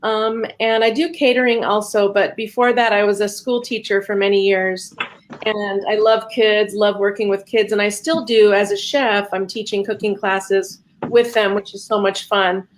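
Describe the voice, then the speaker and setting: A woman's voice: mid-range voice, steady tone, normal speed, poor audio. A woman chef introducing herself on a video call in a friendly, chatty way with frequent ums. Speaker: personal chef and cooking teacher. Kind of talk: audition interview on a video call.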